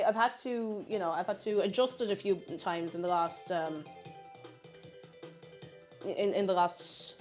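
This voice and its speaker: A bubbly woman chats on her livestream, reading viewers' messages aloud as she bakes. Her voice sits fairly high and swoops up and down with lots of lively inflection. Soft music plays faintly behind her. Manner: bubbly, chatty, reads chat aloud. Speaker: streamer. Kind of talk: casual livestream chat while baking.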